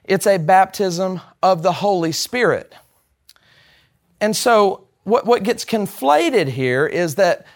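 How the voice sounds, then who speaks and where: A man teaching a Bible class, speaking emphatically and putting rhetorical questions to the group. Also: sits high.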